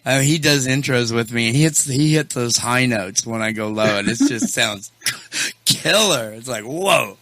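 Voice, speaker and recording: A male show host chatting casually and telling stories, animated and quick to laugh. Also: mid-range voice, dry recording. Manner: laughs often, animated, tells stories with voices. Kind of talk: casual chat and storytelling.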